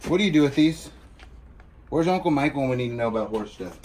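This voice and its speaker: Playful man with a lively voice. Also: mid-range voice, quick pace, very noisy. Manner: joking, playful. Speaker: storage auction vlogger. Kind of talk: casual chat while unboxing. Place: inside a storage unit.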